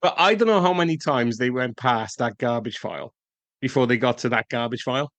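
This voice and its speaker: A man's voice: mid-range voice, a little fast, fairly bright tone, no echo. A man co-hosting a podcast, chatting casually about an old film with wry, sweary jokes. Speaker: podcast co-host.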